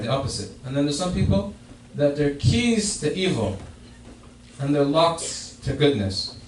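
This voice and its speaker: A man's voice: on the high side, sing-song, a little slow. A man giving a Friday sermon in a mosque, explaining a hadith and often repeating and restarting his phrases. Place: mosque prayer hall. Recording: echoey hall, distant mic, faint noise.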